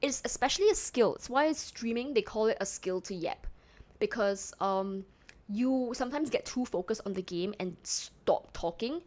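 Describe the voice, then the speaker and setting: A woman's voice: on the high side, lively intonation, normal speed, darkish tone. Chatty Singaporean woman streamer. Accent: Singaporean English, toned down. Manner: chatty, rambling, self-mocking, reads chat aloud. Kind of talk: casual just-chatting stream.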